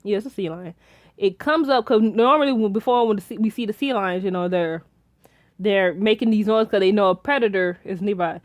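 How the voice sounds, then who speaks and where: A woman's voice: mid-range voice, brisk, dry recording, clean studio sound. Chatty young woman recapping a show. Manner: rambling, excitable, many restarts and fillers. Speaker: TV episode reviewer. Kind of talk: casual episode recap and theorizing.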